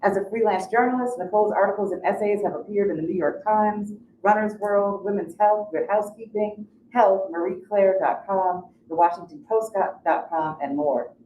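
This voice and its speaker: A woman moderator in a bookstore reading a guest's bio aloud and adding quick asides. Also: medium pitch, warm tone, a little hiss or hum. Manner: reads bios, ad-libs asides. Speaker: event moderator. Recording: distant voice in an echoey bookstore.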